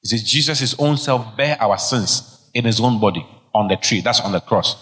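A man's voice: on the low side, normal speed, a bit bright. A middle-aged man preaching a sermon, emphatic and exhorting, repeating key phrases. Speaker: pastor. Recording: long hall reverb.

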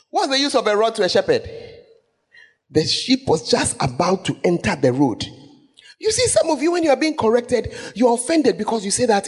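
A man preaching a lively sermon, laughing often and acting out the scripture passages he quotes. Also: extremely high pitch, moderate pace, slightly rough. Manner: animated, laughing, acts out quotes. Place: church hall. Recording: echoey church hall.

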